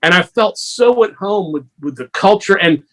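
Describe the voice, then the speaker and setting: Chatty storytelling man, higher voice. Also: animated, normal speed. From Georgia, USA. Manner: chatty, storytelling, laughs often. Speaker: guest musician. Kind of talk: casual chat.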